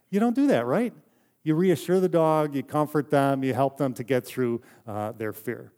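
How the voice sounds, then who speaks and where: A man's voice: medium pitch, lively intonation, moderate pace. Conversational male pastor preaching. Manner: conversational, anecdotal, drops to a soft hush for emphasis. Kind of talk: sermon.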